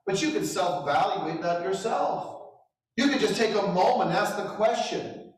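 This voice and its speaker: A man's voice: high-pitched, moderate pace. A middle-aged man giving a motivational talk as a real estate trainer, telling stories with self-deprecating humor and chuckles. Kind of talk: motivational storytelling speech. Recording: echoey hall, distant mic.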